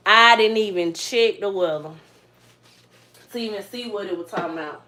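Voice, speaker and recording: Chatty Georgia mom in echoey kitchen. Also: female voice, medium pitch, normal speed. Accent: Southern US, Georgia. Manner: chatty, relaxed, drawling Southern speech. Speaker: vlogger and mother. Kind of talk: casual live-stream chat with viewers. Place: kitchen at home. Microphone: phone on a tripod. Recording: echoey kitchen, faint noise.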